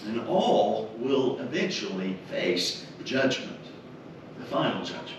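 A man preaching a funeral sermon, deliberate and emphatic, repeating key words and dropping to soft low tones. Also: sing-song, distant mic, background noise. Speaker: minister. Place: funeral home chapel. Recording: very echoey chapel, heard from afar.

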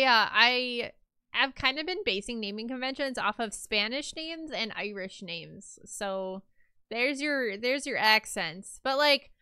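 Bright-voiced young woman streamer chatting. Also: on the high side, clean tone, no echo, clean studio sound. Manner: chatty, rambling with many fillers. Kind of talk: casual chat with chat.

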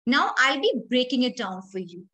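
A woman's voice: fairly high pitch, sing-song, moderate pace, sharp tone, rough recording. A young adult woman with an Indian English accent, giving an emphatic, explanatory grooming training lecture and speaking straight to her listeners.

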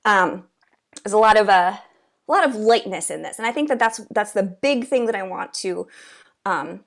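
Woman oboe teacher, mid pitch, chatty, sings rhythms between tips. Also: expressive, normal speed, vocal fry. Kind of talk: instrument masterclass explanation. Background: oboe playing.

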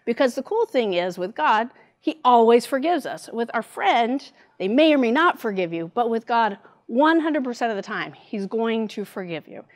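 A middle-aged woman giving a devotional church talk, telling a personal story in an animated way. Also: on the high side, moderate pace, few pauses. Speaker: church speaker.

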